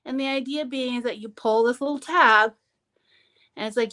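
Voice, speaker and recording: A woman's voice: on the high side, fairly even intonation, moderate pace, pushed and bright. A woman hosting a live papercraft demonstration, talking in a chatty, upbeat way and often breaking off mid-sentence. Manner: chatty, upbeat, self-interrupting.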